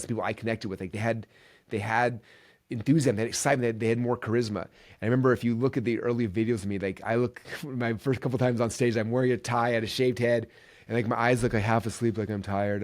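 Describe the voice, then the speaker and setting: Fast-talking, energetic male podcast host. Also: mid-range voice. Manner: energetic, enthusiastic, many fillers like "like" and "right". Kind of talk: casual storytelling monologue.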